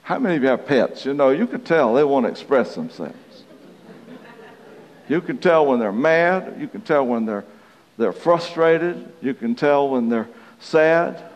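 A man's voice: medium pitch, animated, unhurried. Folksy male preacher, chuckles at his own anecdotes; dull recording in a big echoing hall. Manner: folksy, self-deprecating, chuckles through anecdotes. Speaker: pastor. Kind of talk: sermon with personal storytelling.

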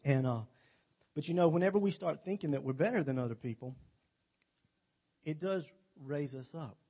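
Man, sermon, folksy joking storyteller, slightly high voice, muffled lo-fi sound. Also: moderate pace, breathy edge. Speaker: preacher. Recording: dull lo-fi recording.

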